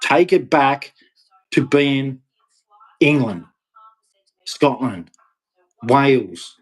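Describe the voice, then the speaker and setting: A man delivering an impassioned, ranting monologue to camera, with sudden loud, emphatic rises. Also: mid-range voice. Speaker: vlogger.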